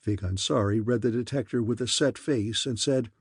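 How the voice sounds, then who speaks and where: Brief: male narrator reading classic sci-fi, husky and dry, close to the mic. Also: mid-range voice, moderate pace, no echo. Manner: steady storytelling. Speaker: audiobook narrator. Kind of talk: scripted narration.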